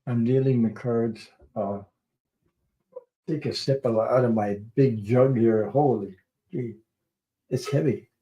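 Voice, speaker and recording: Rambling man with a mellow voice. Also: medium pitch, slow pace, long pauses, muffled recording. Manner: rambling, laughs often, swears casually. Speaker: tarot reader and livestream host. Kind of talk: casual livestream chat.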